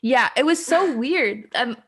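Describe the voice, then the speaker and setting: With a high-pitched, expressive, slightly rough voice, a young adult podcast co-host walks through a film plot at a measured pace. Her casual, rambling chat is full of ums and frequent giggles.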